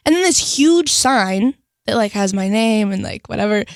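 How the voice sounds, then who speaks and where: A woman's voice: mid-range voice, animated, moderate pace, no echo, clean studio sound. A young woman, a singer guest, chatting casually in a radio interview, bubbly and full of "like". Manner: bubbly, lots of "like" and laughter.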